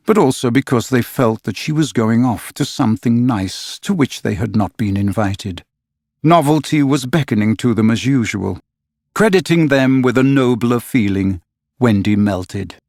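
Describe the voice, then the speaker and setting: A man narrates a storybook in a measured, expressive way. His voice sits at an ordinary male pitch. The studio recording is dry and close. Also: gravelly, dry recording. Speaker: audiobook narrator. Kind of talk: scripted narration.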